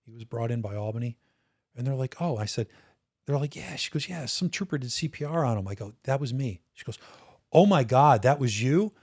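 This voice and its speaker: In a casual, candid podcast interview, a middle-aged American man who retired from the state police tells a personal story, swearing now and then and often restarting his sentences. His medium-pitched voice is brisk with a breathy edge. The studio sound is clean with no room echo.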